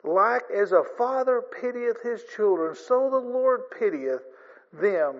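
A man's voice: very high voice, expressive, unhurried. A man preaching a sermon in an earnest, folksy way, rising in emphasis. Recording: long reverb, dull lo-fi sound.

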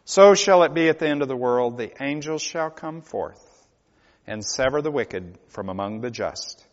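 A man preaching a sermon, swinging from hushed, quiet passages to loud, pleading cries. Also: mid-range voice, lively intonation, moderate pace. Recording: dull lo-fi recording in a reverberant hall.

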